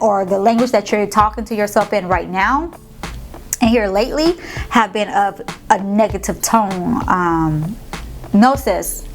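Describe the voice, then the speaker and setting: A woman vlogger, giving a sassy, slangy motivational pep talk to her viewers. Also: medium pitch. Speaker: motivational vlogger and podcast host. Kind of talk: casual motivational talk to camera.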